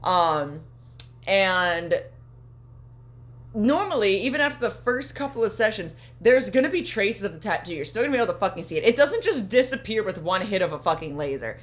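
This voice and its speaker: A young woman co-hosting a podcast, telling stories in an animated, profane, laughing manner. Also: medium pitch, normal speed. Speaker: podcast co-host. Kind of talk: casual wrestling podcast chat.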